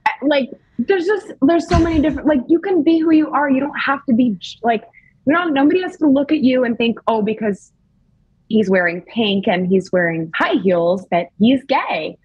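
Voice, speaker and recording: Woman in her thirties, breathy voice, higher pitch, animated rambling chat, dry sound. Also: moderate pace, no room sound, dull audio. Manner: animated, rambling, laughs often. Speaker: podcast guest. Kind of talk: casual chat.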